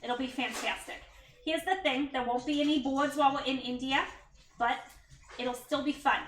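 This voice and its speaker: A mother who livestreams chats casually with viewers while cooking in her home kitchen, thanking them by name and tossing in self-deprecating asides. Her high, steady, slightly bright voice moves at normal speed, sounding far from the mic and a bit off-mic in an echoey room with slight background noise.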